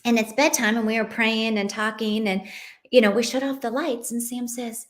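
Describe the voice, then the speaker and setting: A woman's voice: a little high, steady tone, normal speed. A woman in her late thirties, a podcast host and mother, telling a personal story in a heartfelt, conversational way. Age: late 30s. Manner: heartfelt, conversational, many "you know"s.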